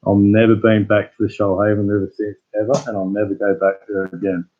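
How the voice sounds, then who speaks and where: A man's voice: lowish voice, completely flat delivery, fairly quick, phone-quality sound, slight background noise. An Australian man hosting his channel, chatting casually with live viewers as a rambling, laid-back storyteller. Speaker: channel host.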